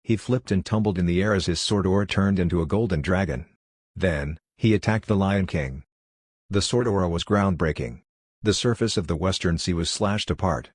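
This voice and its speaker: A man reading a fantasy audiobook as narrator in a steady, even storytelling delivery. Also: deep voice, normal speed, breathy edge, dry recording, studio quality. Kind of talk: scripted narration.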